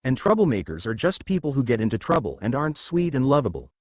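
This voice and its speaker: A male reader gives voice to a cheeky young godfather who boasts with self-satisfied charm. The reading moves lively in pitch and sounds dry and close. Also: quick pace, no echo.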